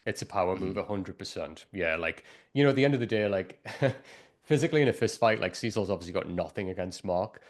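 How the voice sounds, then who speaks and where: A man hosts a relaxed review chat, his voice sitting a little on the low side. He rambles freely, leaning on fillers and the odd curse as he works through his points. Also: fast. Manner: rambling, heavy use of fillers and profanity. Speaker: podcast host.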